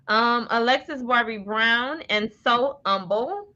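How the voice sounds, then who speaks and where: Slow-talking woman reading live comments. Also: a little high, bright, forceful tone, muffled recording. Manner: laughs often, calls people honey and baby. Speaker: livestream host.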